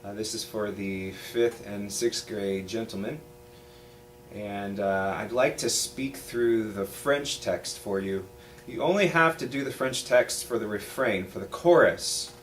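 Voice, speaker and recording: Slow, patient male choir teacher. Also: fairly low pitch, slight background noise. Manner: patient, explains pronunciation step by step. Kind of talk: rehearsal instruction.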